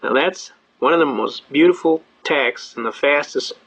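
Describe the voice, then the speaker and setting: Animated man telling courtroom stories. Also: on the high side, moderate pace, slightly rough, poor audio. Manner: animated storyteller, acting out quotes. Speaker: constitutional law lecturer. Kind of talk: seminar storytelling.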